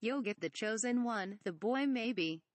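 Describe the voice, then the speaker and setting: A woman's voice: a little high, expressive, normal speed, no echo, lightly acted. Woman reading as a tiny mischievous old swamp creature. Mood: teasing. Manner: speaks with inverted word order. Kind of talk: reading a fan parody script aloud.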